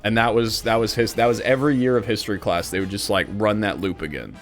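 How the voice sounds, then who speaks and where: A man's voice: on the low side, fast talker, soft background music. A man in his twenties from Missouri, chatting casually and sarcastically with his stream viewers. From Missouri, USA. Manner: animated, joking and sarcastic.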